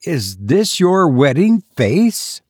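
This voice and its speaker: A man's voice: mid-range voice, very animated, takes it slowly, darkish tone, no echo, clean studio sound. A man reading a story voices a startled young man who exclaims and questions in a raised voice. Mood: astonished. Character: startled young man, eager, then stunned.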